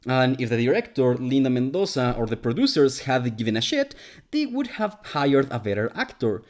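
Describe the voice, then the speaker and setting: A man's voice: mid-range voice, a little mellow. A man whose first language is Spanish, giving a scripted, sarcastic commentary as host of a video essay. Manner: sarcastic, exasperated critique.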